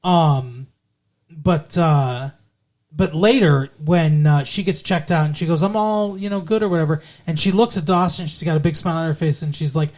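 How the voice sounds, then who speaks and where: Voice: medium pitch, normal speed, a little mellow. A podcast co-host with a mid-range voice recaps a TV episode in casual chat. The delivery is laid-back, with chatty asides and small corrections.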